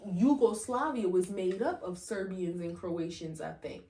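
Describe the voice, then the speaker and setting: A woman co-hosting a podcast, talking in an animated, opinionated way in casual chat. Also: fairly low pitch, reverberant. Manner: animated and opinionated, with quick asides. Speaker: podcast co-host.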